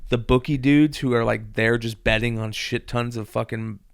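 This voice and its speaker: A man's voice: mid-range voice, fairly even intonation, moderate pace, vocal fry, no room sound, studio quality. A man co-hosting a podcast, telling a rambling story with a lot of swearing and acting out the people he quotes. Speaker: podcast co-host. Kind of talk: casual chat.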